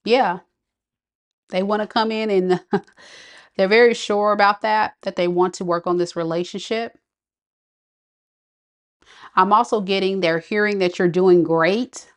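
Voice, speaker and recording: Chatty woman giving a tarot reading. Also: fairly low pitch. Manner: chatty, reacting to viewer comments. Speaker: tarot reader.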